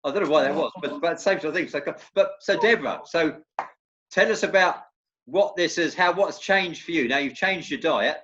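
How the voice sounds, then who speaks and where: A man's voice: a little high, normal speed, fairly bright tone, lo-fi sound, a little hiss or hum. A man in his fifties hosts a casual interview, steering the conversation in a friendly way. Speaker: podcast host.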